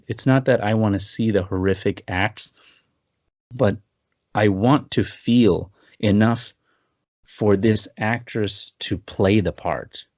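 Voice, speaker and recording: A man's voice: fairly low pitch, no echo, muffled recording. A man co-hosting a podcast, telling a story with laughs and acting out what people said. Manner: animated, laughing, acts out quotes. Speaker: podcast co-host. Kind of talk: casual storytelling chat.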